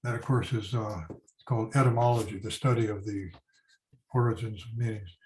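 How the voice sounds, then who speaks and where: An older man giving an informal history lecture, halting with many fillers and restarts as he explains. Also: lowish voice, fairly even intonation, darkish tone, rough recording. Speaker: history teacher.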